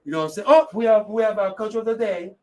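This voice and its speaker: A man hosting a live radio talk show, energetic and repetitive, speaking straight to his listeners. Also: sits high, very fast. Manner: energetic, repeats phrases, talks straight to listeners. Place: radio studio.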